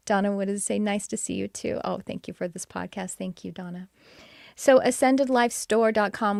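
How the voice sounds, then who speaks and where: A woman's voice: mid-range voice, no echo, clean studio sound. A middle-aged woman from Texas, hosting a live podcast in an enthusiastic, chatty way with many restarts. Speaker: podcast host and spiritual teacher. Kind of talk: casual live-stream chat.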